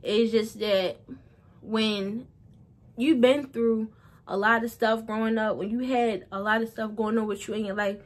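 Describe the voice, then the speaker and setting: A young woman recounts a personal story to camera in a loose, casual storytime vlog. She rambles, circles back and repeats phrases as she goes, and her voice sits a little higher than most women's. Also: steady tone, unhurried. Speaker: vlogger.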